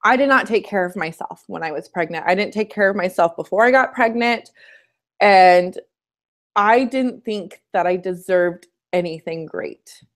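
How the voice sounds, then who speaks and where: A woman's voice: mid-range voice, normal speed. Woman fitness coach, casual live-stream host at home; chatty, candid, personal delivery.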